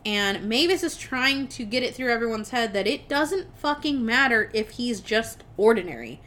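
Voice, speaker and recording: Young woman podcast co-host, rambling casual movie recap, a touch high-voiced. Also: expressive, moderate pace, a bit bright. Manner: rambling, swearing, quoting characters in voices.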